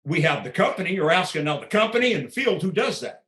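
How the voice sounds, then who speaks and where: A man's voice: sits high, sing-song, fast, fairly bright tone. An older man speaking emphatically in a podcast conversation, often tagging his points with "okay?". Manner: emphatic, keeps adding "okay?". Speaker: podcast guest.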